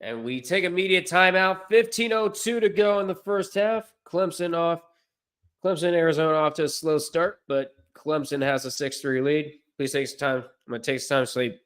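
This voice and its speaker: A man doing amateur play-by-play commentary on a livestream, unpolished and correcting himself, with deadpan asides. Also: fairly high pitch, moderate pace, clear, resonant tone.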